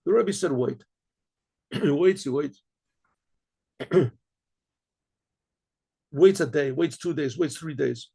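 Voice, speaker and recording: A middle-aged rabbi telling a story aloud, with frequent throat clearing and many repeated, restarted words. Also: male voice, a little high, slow pace, long pauses, mellow. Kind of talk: spoken story narration.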